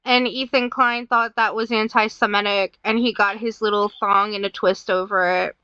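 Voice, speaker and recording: A woman's voice: medium pitch, flat delivery, moderate pace, pushed and bright, clean tone, no room sound. A young woman co-hosting a podcast in casual chat, blunt and slangy, often laughing. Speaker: podcast co-host. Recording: dry, dull lo-fi audio.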